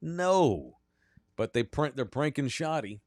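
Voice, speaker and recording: Blunt, profane sports radio host. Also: male voice, mid-range voice, expressive, slow, a little mellow, dry recording, clean studio sound. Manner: blunt, profane, does mocking impressions. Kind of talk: casual sports talk.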